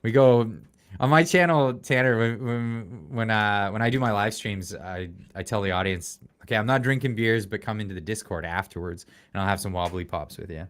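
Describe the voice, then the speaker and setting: Canadian guy with a lowish voice, rambly livestream chat, reads out the chat. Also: normal speed, a bit bright, clean tone. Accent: mild Canadian. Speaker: livestream guest, political YouTuber.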